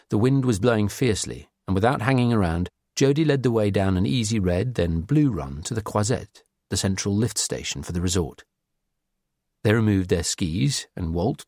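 Audiobook casting: a low male narrator, lively and varied in pitch, measured storytelling in dry close sound. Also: dry recording.

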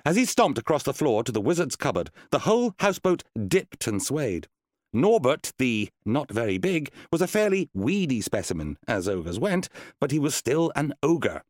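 A man reading a children's fantasy story aloud in an expressive, storytelling way. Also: medium pitch, moderate pace, dry recording. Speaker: narrator. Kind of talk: audiobook reading. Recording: dry close studio sound.

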